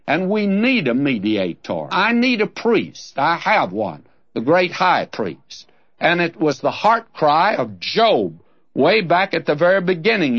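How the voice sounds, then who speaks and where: An older man giving a radio Bible teaching in an earnest, folksy preaching manner, slowing down to stress key words. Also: fairly high pitch. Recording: dull lo-fi old radio recording.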